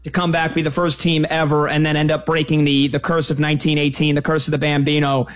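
A man hosting a sports talk radio show, taking callers in a quick, energetic, conversational way. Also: on the high side.

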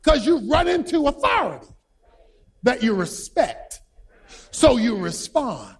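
A man preaching a sermon who tells stories with energy, shouts his points and quizzes the congregation. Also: very high-pitched, takes it slowly, husky. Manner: animated storytelling, shouting for emphasis, quizzing the congregation.

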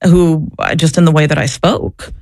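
Earnest woman with a gravelly edge. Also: low-pitched, fairly even intonation, moderate pace, a little mellow, no echo, clean studio sound. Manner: earnest, reflective, searching for words. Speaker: former social worker, interview guest. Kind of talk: candid interview storytelling.

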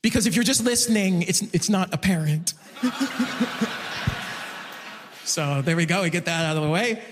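A man performing a stand-up comedy set, animated and jumping into high excited yelps when he acts things out. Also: moderate pace, noisy background. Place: comedy club stage. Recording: live show in a reverberant venue.

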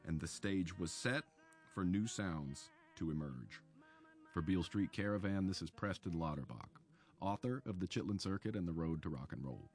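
A man, an author, narrating a scripted radio history segment with a measured storytelling delivery. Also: low-pitched, animated, a little mellow, faint music behind.

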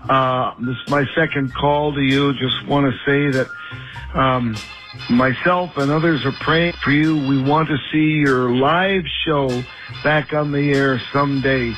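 A man's voice: mid-range voice, steady tone, measured pace, a bit bright, faint music behind, low-quality recording. A man leaving an affectionate, emotional voicemail for a radio host. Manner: emotional, affectionate, fighting tears. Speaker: caller leaving a message.

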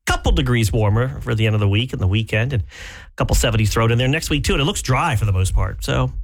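Radio morning guy, bouncy up and down voice, chatty, loves correcting how people say words. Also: quick pace. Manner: chatty, fussy about pronunciation, lively pitch swings. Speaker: radio morning show co-host. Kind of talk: casual on-air banter.

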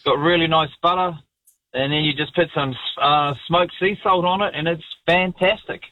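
A New Zealand man calls in to a radio show, blunt and matey, with mate in every other line. His voice sits fairly high. The sound is dull and muffled, like a phone line into the studio. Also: fairly even intonation, normal speed, dry recording. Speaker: caller, chef. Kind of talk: talkback radio call.

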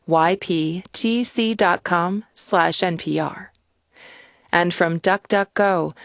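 A woman reading sponsor messages for public radio in a smooth, even voice. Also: lowish voice, dry recording, studio quality. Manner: smooth, even announcer delivery. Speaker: underwriting announcer. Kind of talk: scripted sponsor reads.

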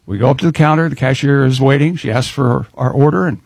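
A man's voice: mid-range voice, quick pace, vocal fry, darkish tone, husky, dry recording. A man co-hosting a radio show, reading listener letters aloud with playful emphasis and frequent laughs. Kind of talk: casual radio banter.

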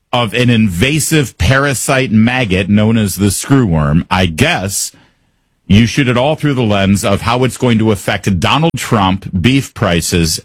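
A man's voice: mid-range voice, breathy edge, no echo. A male talk show host giving opinionated news commentary with sarcastic, exasperated asides.

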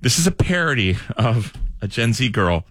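A male radio show host with no regional accent, telling stories in playful, animated studio banter. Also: medium pitch, moderate pace, no room sound.

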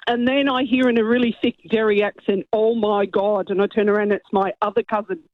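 A woman phoning in to tell an excited, laughing story. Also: a little high, fast talker, no room sound. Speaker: caller. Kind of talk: phone-in anecdote. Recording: tinny phone line.

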